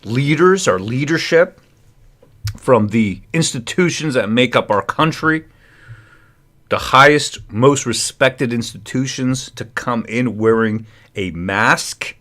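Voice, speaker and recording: A man's voice: mid-range voice, expressive, slow pace, a bit bright. A man hosting a livestream in a put-on Scottish accent, ranting theatrically in an old-fashioned preaching way and reading out chat comments. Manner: reads chat comments aloud. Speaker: livestream host.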